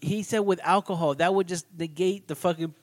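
A man's voice: high voice, steady tone, fairly quick. A man casually riffing on a movie as co-host, sarcastic and profane.

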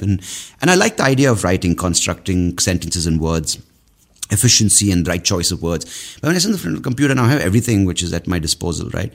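A man's voice: sits low, sing-song, fast talker. A man from India in his thirties, hosting a podcast as a casual, rambling monologue, swearing freely and mocking himself. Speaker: podcast host.

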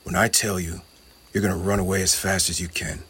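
A man voicing a big young male goblin bully in a storybook, bossy and boastful, with a low, husky voice. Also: little pitch movement, brisk, a bit bright, full character voice. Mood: urgent.

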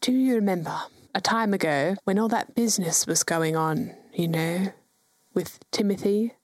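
A woman's voice: medium pitch, moderate pace, a little mellow, no echo, lightly acted. A woman playing a sly young orphan heroine who bargains for favours. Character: scheming young female orphan hero.

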